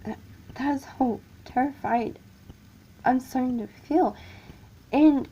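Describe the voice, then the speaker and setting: A woman tells a horror story in the first person, halting and frightened, slipping into whispers. Her voice sits a little high but mellow and dark in tone. She speaks very slowly, with a faint hiss of noise behind her. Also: lo-fi sound.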